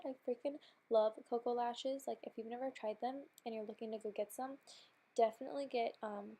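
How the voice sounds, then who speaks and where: A young woman narrates a makeup tutorial in a loose, chatty way, full of little fillers. Her voice sits a bit high but sounds warm and mellow, with a gravelly fry, and she's nasal from a cold. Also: moderate pace. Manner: chatty and bubbly, lots of "like" and "um". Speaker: beauty vlogger. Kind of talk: casual makeup tutorial voice-over.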